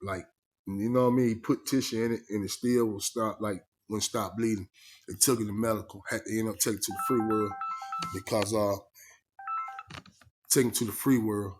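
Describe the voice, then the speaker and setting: A man's voice: on the low side, steady tone, moderate pace, music in the background. A man telling a story in casual first person, emphatic and streetwise, often asking "you know what I mean". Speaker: vlogger.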